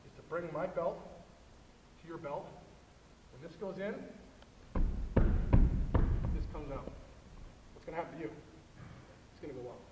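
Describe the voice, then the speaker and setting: A man coaching youth football linemen at a clinic, emphatic and repetitive, often checking in with "okay?", recorded from far away in a large indoor hall. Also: on the high side. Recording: echoey hall, far from mic, noisy.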